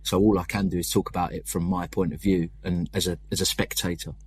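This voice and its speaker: A man's voice: deep voice, flat delivery, a little mellow, a little hiss or hum. A young man with a London accent, chatting in an interview about his band's songwriting in a rambling, self-deprecating way. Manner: rambling, self-deprecating, quick talker with restarts. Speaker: punk band vocalist and lyricist. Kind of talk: casual interview chat.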